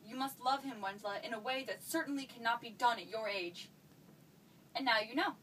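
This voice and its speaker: A woman's voice: a little high, brisk, a bit bright, close to an everyday voice. An actress playing an anxious, evasive mother who keeps dodging her teenage daughter's questions, recorded from a distance. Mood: flustered. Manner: fretful, evasive, pleading. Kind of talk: stage play acting. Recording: distant mic with faint noise.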